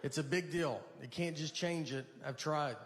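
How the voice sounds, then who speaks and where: A man performing a stand-up routine, telling rambling stories in a halting, deadpan way. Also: a little high. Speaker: stand-up comedian. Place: large venue with a live audience. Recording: live stage mic in a reverberant hall with audience noise. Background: audience laughter.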